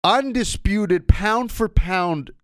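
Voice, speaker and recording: Animated man hosting a sports podcast. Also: slow, dry recording, clean studio sound. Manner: animated storyteller with wide swings of pitch. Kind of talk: casual solo podcast monologue.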